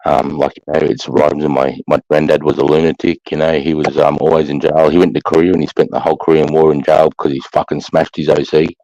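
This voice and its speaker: A man's voice: rumbling low, level tone, fast, few pauses, warm tone, no echo. A man hosting a casual podcast chat, telling rambling stories with lots of swearing. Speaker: podcast host. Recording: dull dry sound.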